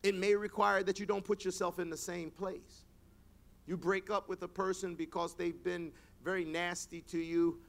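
A male preacher giving a sermon, reading scripture aloud and rising to loud, emphatic passages. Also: sits high, little pitch movement, normal speed, vocal fry.

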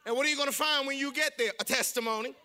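A male preacher with a very high voice delivers a rousing call-and-response sermon at a rapid-fire pace, swinging from quiet to shouting while some chatter sounds in the background.

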